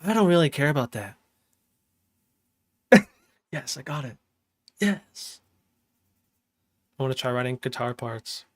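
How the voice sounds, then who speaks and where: A young man chatting casually on a livestream as he makes music, slangy and relaxed, often laughing. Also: mid-range voice, moderate pace, pauses often, no room sound, studio quality. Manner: laid-back, slangy, laughs often, talks while working. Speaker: music producer streaming. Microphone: studio microphone.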